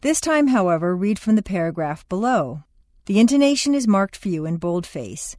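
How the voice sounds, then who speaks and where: A woman instructor reading scripted exercise instructions for an accent course in a clear, measured way. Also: medium pitch, sing-song, darkish tone, dry recording, clean studio sound. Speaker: pronunciation instructor.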